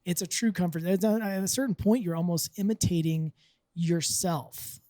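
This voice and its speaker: Guy cohost with a mellow dark voice, dry sound, thinking out loud. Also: sits high, moderate pace, no echo. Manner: opinionated, thinking aloud. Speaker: podcast co-host. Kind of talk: casual chat.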